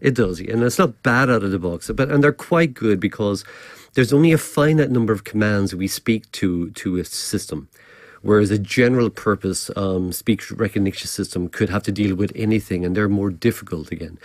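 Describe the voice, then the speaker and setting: Low-voiced Irish professor explaining. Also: male voice, normal speed, no room sound, clean studio sound. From Galway, Ireland. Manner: explanatory, with frequent restarts. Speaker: cybersecurity professor, guest. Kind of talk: radio interview.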